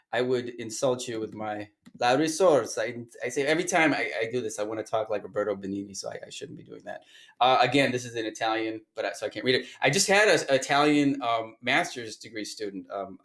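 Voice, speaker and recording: A man's voice: medium pitch, animated, quick pace, a bit bright. Chatty man reading through listings. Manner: chatty, thinks aloud while reading listings. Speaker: online course instructor. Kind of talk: casual screen-share walkthrough.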